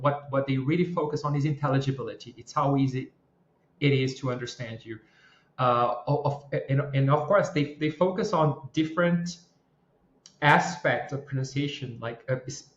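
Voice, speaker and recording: Male English teacher, roomy muffled sound. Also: medium pitch. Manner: measured, explanatory, with "uh" fillers. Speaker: English teacher and exam-prep tutor. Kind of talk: interview guest answering questions.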